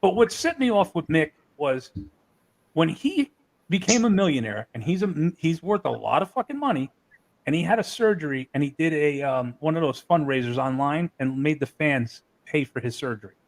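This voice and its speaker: A man's voice: fairly high pitch, lively intonation, moderate pace, rough recording. A man being interviewed, telling heated stories and swearing freely. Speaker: interview guest. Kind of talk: casual interview.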